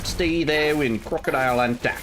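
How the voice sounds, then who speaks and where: Streamer doing a cheesy Australian wildlife adventurer, a bit higher than his own voice, stretched-out words, faint hiss behind. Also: close to an everyday voice. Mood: mock alarm. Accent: Australian, poorly done. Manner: exaggerated, drawn-out, jokey. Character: over-the-top adult male wildlife adventurer.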